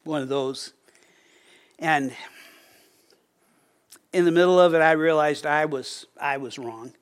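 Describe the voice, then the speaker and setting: A middle-aged man delivers a sermon in a folksy, storytelling way, often stumbling over his words and restarting. His voice sits a little higher than most men's. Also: slow, smooth. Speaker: pastor.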